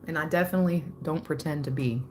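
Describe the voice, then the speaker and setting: A woman's voice: low-pitched, fast, noisy background. A woman hosting a live spiritual reading, chatty and laughing often as she talks straight to her viewers. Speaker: tarot reader hosting a livestream.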